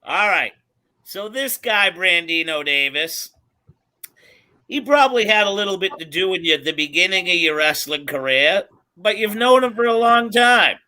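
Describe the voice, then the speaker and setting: A man's voice: high-pitched, expressive, normal speed, sharp tone. A man hosting a casual interview show, easygoing and laughing often. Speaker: host. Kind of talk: casual chat.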